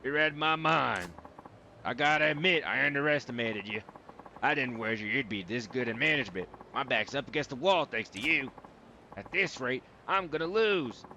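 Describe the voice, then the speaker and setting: A man's voice: mid-range voice, animated, normal speed, sharp tone, lo-fi sound, slight background noise, voice pushed up. A man reading out the lines of a boastful, ruthless male billionaire gambling boss from a video game, in a taunting, cocky manner.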